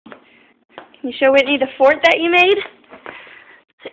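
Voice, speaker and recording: A woman's voice: sits high, measured pace. A woman filming at home and talking to her small children in a coaxing, sing-song baby-talk voice. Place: family home. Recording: noisy home video.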